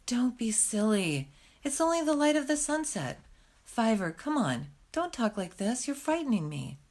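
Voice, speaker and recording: A woman's voice: a little high, sing-song, normal speed, a little mellow, pitched above the performer's own voice. A woman voicing a young male rabbit who speaks firmly and reassuringly to his frightened brother. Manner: firm and reassuring. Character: young male rabbit, steady, caring leader.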